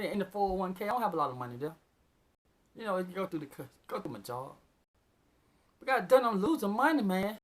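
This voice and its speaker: A man doing a casual, unedited news vlog. He reads the headlines haltingly, then drifts into loose, excitable asides. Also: sits high. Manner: reads news items aloud, then riffs on them excitedly. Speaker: vlogger reading news. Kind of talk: casual unscripted commentary.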